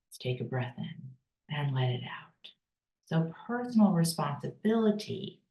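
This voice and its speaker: A woman teaching a personal growth course, calm and deliberate, with pauses for breathing and repeated key phrases. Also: deep voice, echoey room, poor audio. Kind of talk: slow guided teaching with breathing cues.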